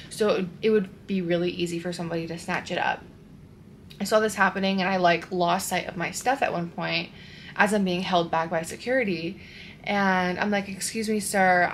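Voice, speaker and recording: A young woman vlogger telling a frustrated storytime to her camera, animated and full of "like". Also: on the low side, a little hiss or hum. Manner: animated, exasperated storytelling with frequent "like". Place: at home, wearing a sheet mask.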